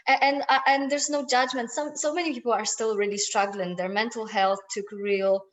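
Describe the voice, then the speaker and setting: A woman hosting a podcast who responds to her guest warmly and encouragingly in casual interview chat. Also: a little high, fairly even intonation, fairly quick, low-quality recording. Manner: warm, affirming listener. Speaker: podcast host.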